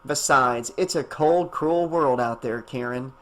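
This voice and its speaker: A man's voice: mid-range voice, a little slow, fairly bright tone, close to an everyday voice. A man voicing a brash, joking woman in her thirties, with a breezy, teasing delivery.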